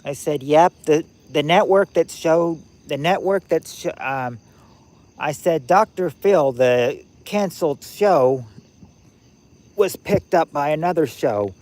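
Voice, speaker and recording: Man, 60s, streamer host; rambling, restarts, thinks aloud, slightly high voice. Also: slow pace, a little mellow. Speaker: streamer hosting a game night. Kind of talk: casual live-stream chat.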